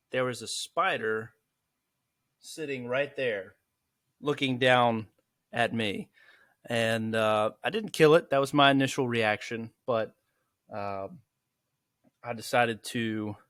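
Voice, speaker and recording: A man's voice: mid-range voice, a bit bright, no room sound. A man hosting his first casual solo podcast, chatty and self-deprecating, rambling as he goes. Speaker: podcast host.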